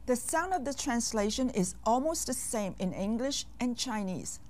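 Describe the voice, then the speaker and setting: A woman teaching a language lesson for children, speaking slowly and clearly and pausing to quiz the listener. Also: fairly high pitch, animated, a little mellow. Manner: slow, carefully enunciated, with quizzing pauses. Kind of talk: scripted language lesson for kids.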